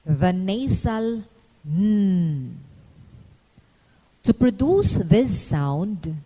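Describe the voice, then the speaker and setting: A woman narrating a scripted phonetics lesson in a measured, instructional way, pausing to demonstrate each sound. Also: medium pitch, mellow, in a large hall, poor audio. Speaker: phonetics teacher.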